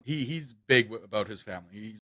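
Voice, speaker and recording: A man's voice: lowish voice, lively intonation, quick pace, bright, forceful tone, dry recording, clean studio sound. A young man chatting casually on a podcast, rambling with lots of fillers and restarts. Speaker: podcast co-host.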